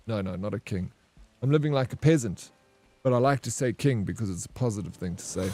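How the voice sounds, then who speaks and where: A man live-streaming a game, chatting and joking with his viewers, and loudly welcoming raiders. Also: lowish voice, fast, creaky, soft background music. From South Africa. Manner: jokey, excitable, banters with chat. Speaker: variety streamer. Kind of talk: casual live-stream chat while gaming.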